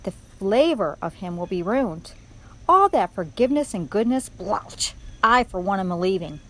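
Woman putting on a loud, gloating, villainous old rat. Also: mid-range voice, animated, normal speed, rough recording. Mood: scornful. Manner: loud, mocking, theatrical. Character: gleeful cruel old male dungeon rat.

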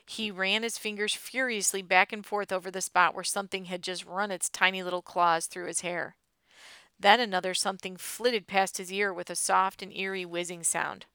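A woman reads an adventure story aloud with expressive storytelling. Her voice is bright and crisp, close to the mic in a dry studio sound. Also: on the low side, no room sound. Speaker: audiobook narrator. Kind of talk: scripted narration.

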